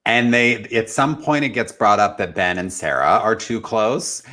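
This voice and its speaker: A man's voice: on the low side, lively intonation, normal speed, bright, forceful tone. A man co-hosting a casual recap show, telling the story with voices for the people he quotes. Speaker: co-host.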